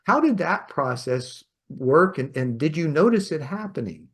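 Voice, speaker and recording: A man hosting a podcast, telling a personal story in a rambling, reflective way with soft laughs. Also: on the high side, big pitch swings, unhurried. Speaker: podcast host. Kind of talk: reflective storytelling in casual conversation.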